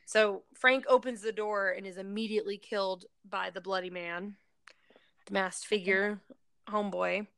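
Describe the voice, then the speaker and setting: A woman tells a film's plot in loose, casual chat, full of fillers and quick acted-out lines of dialogue. Her voice is bright and crisp with a gravelly rasp underneath. The room sounds dry and close. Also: medium pitch, steady tone, dry recording. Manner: rambling storytelling with many fillers. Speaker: person recapping a film.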